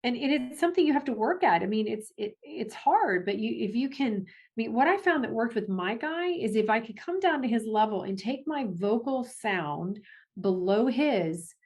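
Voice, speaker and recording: A woman, a parent advocate, speaking as a guest in a conversational interview, animated, with frequent restarts and laughs. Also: moderate pace. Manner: animated, acts out family quotes with big pitch jumps.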